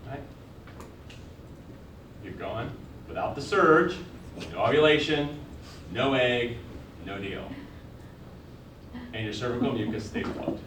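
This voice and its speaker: A man's voice: medium pitch, expressive, slow pace, long pauses, far from the mic, noisy background. A man teaching a college biology class, lecturing casually and firing questions at his students. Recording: echoey classroom recorded from afar.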